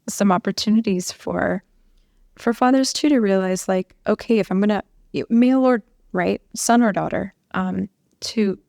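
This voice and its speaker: A woman's voice: medium pitch, creaky, darkish tone, dry recording, studio quality. A woman, a psychologist guest on a podcast, explaining ideas in a thoughtful way and often checking in with "right?". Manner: explanatory, says "right?" often, thinks aloud with "um". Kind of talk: casual conversation.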